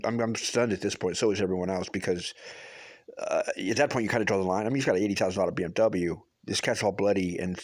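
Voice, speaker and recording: A man's voice: fairly low pitch, husky, no echo. A middle-aged man telling a personal story in a casual, rambling way, restarting often and swearing for emphasis. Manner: rambling, with many restarts and fillers.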